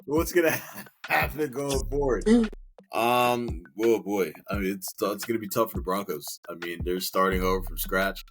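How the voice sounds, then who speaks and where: A man's voice: on the low side, normal speed, fairly bright tone, slight background noise. A man co-hosting a football podcast, giving a wry casual recap with scores and stats. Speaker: podcast co-host.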